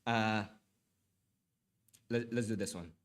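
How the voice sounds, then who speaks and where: A man's voice: on the low side, fairly even intonation, takes it slowly. A young man livestreaming and chatting with viewers, often apologizing, stammering and repeating himself, a little stuffy from allergies. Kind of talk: casual live stream chat and reading aloud.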